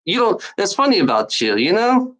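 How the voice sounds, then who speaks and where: A woman's voice: mid-range voice, big pitch swings, moderate pace, low-quality recording. A woman streamer ranting at online trolls in a casual, profane, rambling way, full of sarcasm and repeats. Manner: mocking laughs. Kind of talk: casual rant to a live audience.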